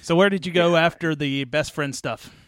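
A man's voice: a little high, moderate pace, dry recording. A man co-hosting a podcast, casually asking an interview guest questions. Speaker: podcast co-host.

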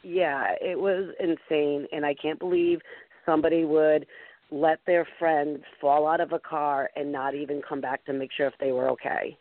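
A woman's voice: low voice, fairly even intonation, moderate pace, no echo. Chatty woman host on a tinny phone line. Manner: chatty, many fillers and "you know"s. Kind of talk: casual call-in show chat.

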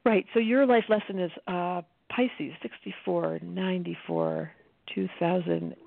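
A woman's voice: fairly low pitch, fairly even intonation, unhurried, gravelly. A woman guest, an astrologer and author, explaining things in a confident, teasing way in casual conversation. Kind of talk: casual interview talk. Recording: tinny phone line.

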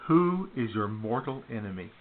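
A man's voice: medium pitch, very animated, normal speed. A man hosting a casual talk radio show, firing off upbeat quiz questions and laughing easily. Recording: tinny phone-like sound.

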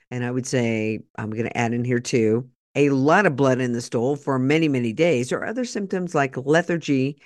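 A woman's voice: rumbling low, dry recording, studio quality. A woman hosting a podcast in a casual, chatty monologue with jokey asides. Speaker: podcast host.

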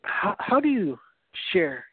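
A high-voiced man preaches earnestly, telling a story and often restarting his phrases. The sound is dry and narrow, like it came over a phone line. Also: sing-song, takes it slowly, husky, dry recording. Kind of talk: evangelistic teaching talk.

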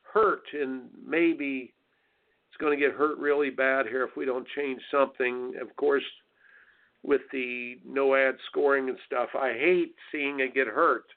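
Blunt folksy coach on a tinny line. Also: male voice, mid-range voice, fairly even intonation, measured pace. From United States. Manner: blunt, folksy, preachy, mocking soft attitudes in sing-song asides. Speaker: tennis coach and radio host. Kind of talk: coaching advice talk on radio. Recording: tinny phone-line sound.

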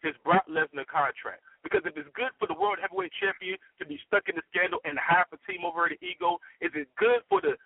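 A man's voice: high-pitched, huge pitch swings, quick pace, gravelly, hardly any pauses, husky, no echo. A man cutting an angry, trash-talking wrestling promo over a tinny phone line. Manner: ranting, brash, trash-talking. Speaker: wrestling persona guest.

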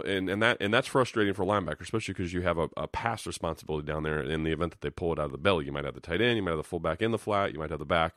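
A man's voice: low-pitched, fairly bright tone, no echo, clean studio sound. A man, a former linebacker, breaking down game film in a casual, rambling way, full of restarts. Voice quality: hoarse-sounding morning voice. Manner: rambling and conversational, with frequent restarts and 'you know'.

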